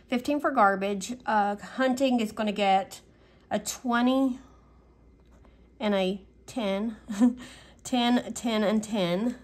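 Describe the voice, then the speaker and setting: A woman in a casual vlog, chatting through her weekly budget and thinking aloud with frequent fillers. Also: mid-range voice. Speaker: budgeting vlogger.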